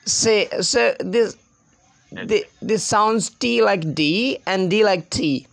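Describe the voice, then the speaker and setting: A man's voice: high voice, slow pace, vocal fry, a bit bright, dry recording. A Pakistani man teaching spoken English in a casual lesson, laughing often and repeating words to show how they sound. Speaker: English speaking tutor.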